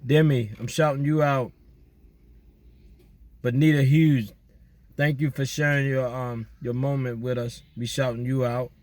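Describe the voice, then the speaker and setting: Male vlogger, casual slangy shout-out chat, outdoors at night. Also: mid-range voice, unhurried, long pauses. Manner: relaxed slangy banter with listeners. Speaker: vlogger doing viewer shout-outs.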